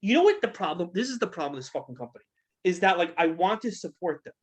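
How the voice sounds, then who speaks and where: A man's voice: high voice, animated, quick pace. Profane, heated young man ranting. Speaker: podcast co-host. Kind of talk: casual wrestling podcast rant.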